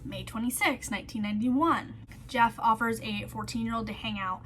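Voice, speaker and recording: A woman's voice: on the high side, moderate pace, fairly bright tone, a little hiss or hum. Chatty woman whispering grim details. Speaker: vlogger. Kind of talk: casual true-crime storytelling.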